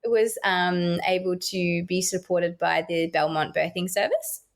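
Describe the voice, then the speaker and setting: A woman's voice: fairly low pitch, a little slow. An Australian woman talking earnestly as a guest midwife in a podcast interview, acting out quoted voices as she tells stories.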